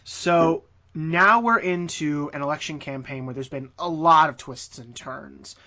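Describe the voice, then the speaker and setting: A man's voice: on the high side, measured pace, bright, forceful tone, muffled recording. A man co-hosting a podcast, framing questions and prompting his partner in a casual chat. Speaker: podcast co-host asking questions.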